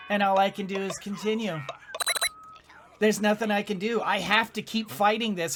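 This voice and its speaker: A woman's voice: mid-range voice, normal speed, a bit bright, a little hiss or hum. A woman hosting a let's play, commenting on her game with dramatic groans, cries of dismay and frequent laughter. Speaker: gaming channel host.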